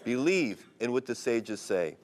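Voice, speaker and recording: A man doing a serene, soft-spoken old rabbi. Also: mid-range voice, very animated, measured pace, pitched below the performer's own voice. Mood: insistent. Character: elderly saintly male rabbi, calm and gentle.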